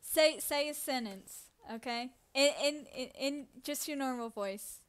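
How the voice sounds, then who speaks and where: A woman's voice: high voice, a little slow. A woman co-hosting a casual live stream, giggly and teasing, laughing often. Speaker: co-host reading chat questions.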